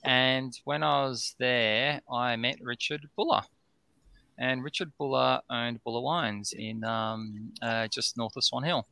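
A man's voice: mid-range voice, a little slow, gravelly, no echo. A middle-aged Australian man telling a long, rambling story as a guest on a podcast, full of ums and "right?". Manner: rambling, excitable, lots of "um" and "right?". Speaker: distillery founder, guest.

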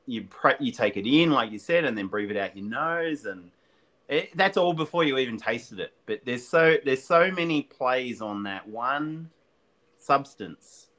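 Man, podcast guest, eager rambling talk, bright tense voice, mid pitch. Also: expressive, measured pace. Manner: enthusiastic, searching for words with repeats. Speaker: podcast guest, gin maker. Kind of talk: casual conversation.

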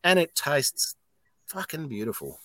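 Heard with no room sound, this middle-aged Australian man has a voice on the high side and an unhurried delivery. He owns a distillery and, as a guest on a casual podcast, tells animated stories bluntly and with plenty of swearing.

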